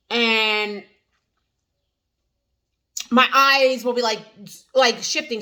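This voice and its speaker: Her high voice sounds pushed and bright as this New Jersey-accented woman talks to the camera during an eat-and-chat vlog. She rambles casually, full of fillers and false starts.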